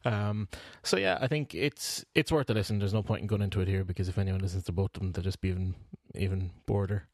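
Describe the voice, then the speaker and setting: In a casual, rambling podcast chat, a male co-host talks fast with frequent fillers and restarts. His voice is low and darkish in tone, recorded in clean studio sound with no room sound.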